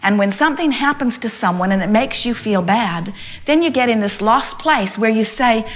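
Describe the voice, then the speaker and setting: A woman's voice: a little high, expressive, moderate pace. Emphatic older woman giving a spiritual talk. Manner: emphatic, repetitive, speaks as "we" to the audience. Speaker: spiritual speaker addressing an audience. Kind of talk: inspirational talk to a live audience.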